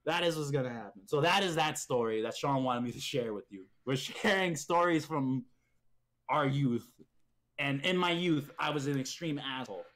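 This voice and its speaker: A young man telling rowdy school stories in casual chat, profane and animated, with heated outbursts. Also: medium pitch, fairly quick. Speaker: streamer's friend telling stories.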